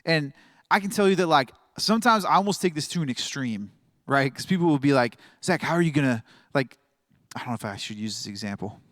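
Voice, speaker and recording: A male pastor in his thirties delivers a loose, chatty sermon full of jokes, tangents and laughter. His voice sits a touch high for a man. The sound is dry and close, with no room around it. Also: expressive, brisk, a bit bright, dry recording. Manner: chatty, joking, laughs often, rambling.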